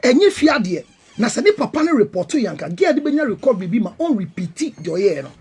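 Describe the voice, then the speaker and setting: Ghanaian guy defending himself on a panel, husky voice, pitch all over the place. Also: big pitch swings, quick pace, darkish tone. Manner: defensive, emphatic, mixes English and Twi. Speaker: guest counselor. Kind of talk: heated panel discussion.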